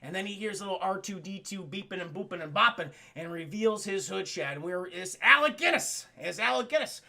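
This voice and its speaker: A young man streaming, retelling a film to his chat in an animated, profane, rambling way. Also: high voice, brisk, gravelly. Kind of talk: comic movie retelling to chat.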